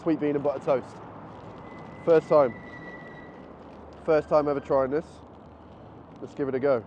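A man vlogging on a handheld camera as he walks city streets and stops in a shop, chatting excitedly and thinking aloud. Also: on the high side, a little slow. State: a bit out of breath. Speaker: travel vlogger. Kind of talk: casual vlog narration while walking. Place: city streets outdoors and a convenience store. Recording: muffled outdoor camera audio with street noise.

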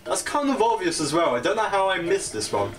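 A young British man chatting casually as he plays a video game, self-mocking and quick to laugh at his own slips. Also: sits high, big pitch swings. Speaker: gaming channel host. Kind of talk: casual let's-play commentary. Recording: game music playing behind the voice.

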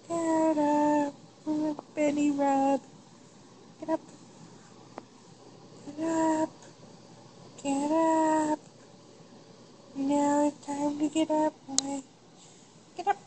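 A woman with a high, bright voice coos sing-song baby talk at her cat, drawing out her words in an unhurried way. She films on a phone held close at home, and a steady hiss of background noise runs under her voice. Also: poor audio. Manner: coaxing, sing-song, playful. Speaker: pet owner filming her cat. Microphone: phone camera held close.

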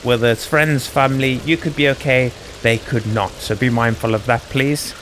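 A man's voice: mid-range voice, steady tone, moderate pace, a bit bright, a little hiss or hum, poor audio. A man hosting a gaming channel, talking casually over gameplay in a rambling, chatty way. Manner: rambling, chatty, friendly asides.

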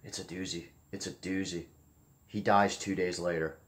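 A man's voice: low-pitched, flat delivery, moderate pace. A man giving casual commentary, blunt and profane, with a sarcastic edge, often repeating phrases for emphasis. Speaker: political commentator.

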